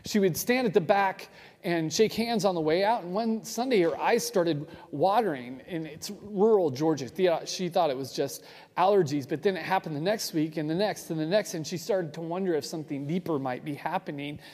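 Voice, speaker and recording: A man preaching a sermon in a relaxed, conversational way, often asking the audience questions. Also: on the high side, moderate pace. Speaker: pastor. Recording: reverberant hall.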